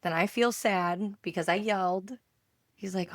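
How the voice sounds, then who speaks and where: A woman co-hosting a podcast in casual chat, her voice hoarse, telling stories and acting out the dialogue. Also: mid-range voice, steady tone, normal speed, no echo. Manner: storytelling, acts out quoted dialogue. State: hoarse from yelling. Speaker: podcast co-host and enneagram coach.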